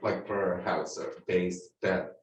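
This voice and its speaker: A man in a class, speaking haltingly and tentatively as he searches for words. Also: deep voice, steady tone. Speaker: student. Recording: roomy, distant, faint noise.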